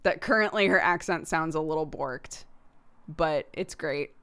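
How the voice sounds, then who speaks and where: A young American woman chats easily with her stream audience, breaking into laughter often. Her voice sits slightly low for a woman and keeps a relaxed, conversational flow. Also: a little slow, clean tone. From United States. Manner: chatty, laughs often, talks to chat. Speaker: livestream host. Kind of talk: casual chat with viewers.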